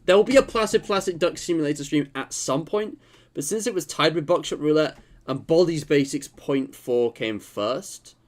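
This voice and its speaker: A man's voice: fairly high pitch, normal speed. A man streaming live and commentating on his gameplay, exclaiming and groaning as things go wrong. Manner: animated, swears and groans at the game.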